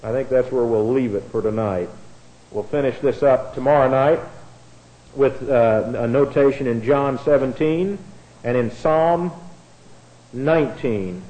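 A man's voice: medium pitch, a little slow, mellow, low-quality recording. A man teaching an evening Bible study, reading verses aloud and then explaining them, often repeating key words.

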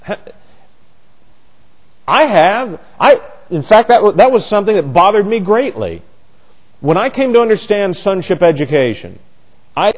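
Lively-voiced man preaching a sermon. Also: high voice, breathy edge. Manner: animated, repetitive restarts, sarcastic asides.

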